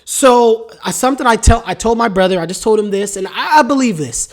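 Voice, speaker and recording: A man's voice: sits high, animated, moderate pace, few pauses. A man hosting a solo sports podcast, talking casually with strong opinions and a rambling, repetitive way of speaking, while he has the hiccups. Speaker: podcast host.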